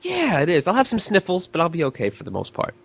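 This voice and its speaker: A man's voice: a little high, huge pitch swings, fast, gravelly, slightly rough, no echo. Man hosting a podcast while sick with a cold. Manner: upbeat, jokey host patter. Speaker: podcast host. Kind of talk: casual podcast chat.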